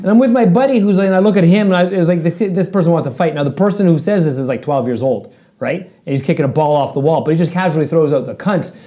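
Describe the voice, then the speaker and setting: A man co-hosting a casual podcast, telling profane stories in an animated way and laughing often. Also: fairly high pitch, quick pace. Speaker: podcast co-host. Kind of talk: casual chat.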